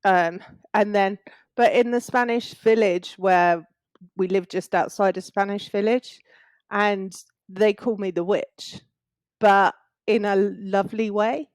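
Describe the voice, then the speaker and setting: A woman's voice: medium pitch, fairly even intonation, takes it slowly, no echo. A woman on a video call from her home in Spain, explaining things earnestly as an interview guest, with small laughs. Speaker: guest, space clearing practitioner.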